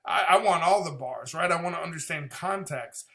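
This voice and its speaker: A man's voice: a little high, moderate pace. A man in his thirties hosting a music reaction channel, chatting casually and animatedly. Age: 30s. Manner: animated, talkative, breaks into impressions. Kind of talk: casual reaction vlog chat.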